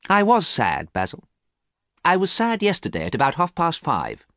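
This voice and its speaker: A man's voice: on the high side, wildly swooping pitch, normal speed, no room sound, studio quality, pitched above the performer's own voice, heavily acted. A man voicing a vain, cold young man who sounds bored and scornful, in a storybook reading. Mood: cool. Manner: bored, scornful, sometimes sharp.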